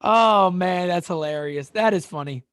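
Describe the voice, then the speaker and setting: A man hosts a casual sports live stream, joking, laughing frequently and stammering through repeated words. His voice is high-pitched, fairly bright, clear and resonant at a moderate pace. The recording is dry, with clean studio sound.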